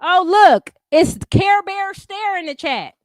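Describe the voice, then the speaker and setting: Fired-up woman streamer cussing out her chat, high voice, dry close sound. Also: animated, takes it slowly, no room sound. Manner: profane, combative, talks to her chat. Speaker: livestream host. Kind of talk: heated casual commentary.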